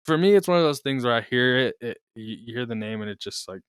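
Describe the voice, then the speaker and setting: Easygoing guy cohosting a podcast, mid pitch, laughs a lot, dry sound. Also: animated, quick pace, a bit bright, clear, resonant tone, dry recording. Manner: laid-back, laughs often, swears casually. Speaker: podcast co-host. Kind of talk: casual chat.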